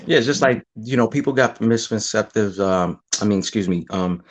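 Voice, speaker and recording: A man from Boston with a Boston Black vernacular accent, co-hosting a casual chat, animated and agreeing often. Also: fairly low pitch, normal speed. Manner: animated, repeats "correct" often. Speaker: co-host.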